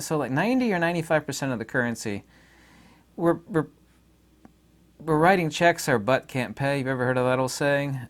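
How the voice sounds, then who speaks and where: A middle-aged man hosting his own channel, giving a rambling, opinionated monologue full of fillers and asides. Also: a little high. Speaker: channel host. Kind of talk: casual monologue to camera.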